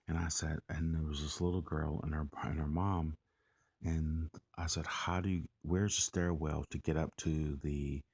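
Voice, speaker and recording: A man's voice: rumbling low, vocal fry, a little mellow, breathy edge, no echo. A man vlogger casually recounting a story, rambling and using lots of fillers. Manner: loose, filler-heavy, conversational.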